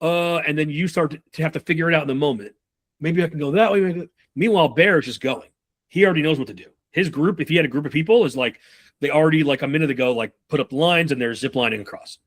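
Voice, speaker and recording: A man giving a live sales training talk to a room, casual and profane, acting out quick dialogues between reps, buyers and bosses. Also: fairly high pitch. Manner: animated, profane, acts out buyer and rep dialogue.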